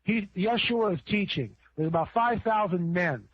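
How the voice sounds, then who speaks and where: A man with a high voice preaches informally as a podcast guest, stacking repeated phrases as his emphasis climbs. The sound is dry and close. He comes through a thin, tinny phone line. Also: lively intonation, moderate pace, no room sound. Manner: repeats words, builds up with rising emphasis.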